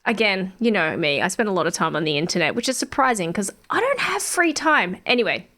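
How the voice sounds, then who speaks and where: A woman's voice: mid-range voice, fairly quick. A woman, a podcast co-host in her thirties, telling stories in casual chat, laughing often and acting out quotes. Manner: animated storytelling, acts out quotes, laughs often, swears.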